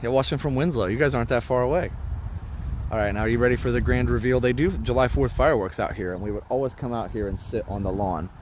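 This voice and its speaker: A man's voice: mid-range voice, quick pace, darkish tone. A man from Indiana hosting a casual live-stream tour outdoors in a park, rambling with lots of fillers and greeting viewers by name. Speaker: livestream host. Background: faint traffic.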